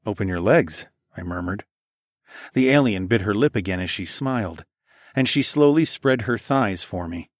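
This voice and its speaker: A man narrating an erotic audiobook in a soft, intimate, often hushed voice. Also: on the low side, expressive, moderate pace, no echo, studio quality.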